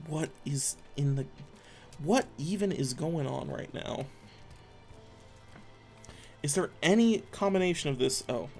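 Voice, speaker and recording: A young man talks to his stream while he works with his hands, half muttering to himself and swearing when things go wrong. His voice sits a little high and has a gravelly edge. He sounds stressed throughout, and faint music plays in the background. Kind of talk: live-stream talk while building a handheld console.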